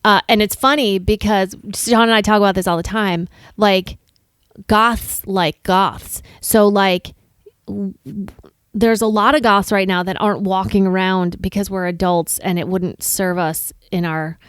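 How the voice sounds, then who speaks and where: A middle-aged woman from Chicago, co-hosting a podcast in casual chat and telling lively stories with acted-out quotes. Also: medium pitch, measured pace, clear, resonant tone, dry recording, clean studio sound. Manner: animated storyteller, acts out quotes. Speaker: podcast co-host.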